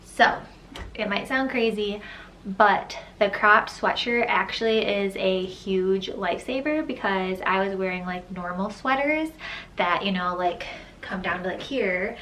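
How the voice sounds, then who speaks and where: A woman's voice: mid-range voice, unhurried, fairly bright tone. A young mother talks through her outfits in a loose, chatty way, full of "like" and "um". Her voice sits in an ordinary middle range. The mic is set back, so the room echoes around her and a faint hum runs underneath. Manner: chatty, loose, many "like" and "um" fillers. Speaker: vlogger, new mother. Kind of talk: casual outfit try-on chat. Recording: roomy echo, distant mic, faint room noise.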